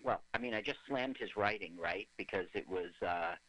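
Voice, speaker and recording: A man's voice: on the low side, moderate pace, fairly bright tone, poor audio. A man co-hosting a radio podcast, chatting casually and with opinions about a movie they are watching, laughing often. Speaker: podcast co-host. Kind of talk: casual movie riffing chat.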